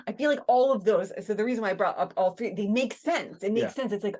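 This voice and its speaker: Animated woman podcast host. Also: mid-range voice, quick pace, hardly any pauses. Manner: animated, heavy use of "like", frequent restarts. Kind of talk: casual conversational storytelling.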